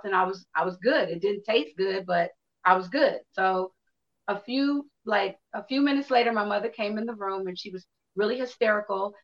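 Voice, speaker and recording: In a muffled recording, a woman from Chicago in her fifties recounts a personal story to listeners at a medium pitch. She is frank and lively, acting out quoted lines and cursing freely.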